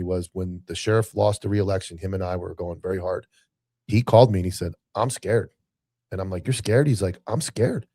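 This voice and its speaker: A man's voice: low voice, a little mellow, no room sound. A man hosting a podcast, talking in a casual, rambling way with many restarts. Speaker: podcast host. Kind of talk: casual chat.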